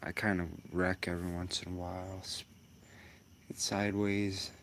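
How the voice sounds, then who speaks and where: A man's voice: deep voice, flat delivery, moderate pace, fairly bright tone, a little hiss or hum. A man giving casual, rambling commentary while sim racing, musing aloud with lots of fillers.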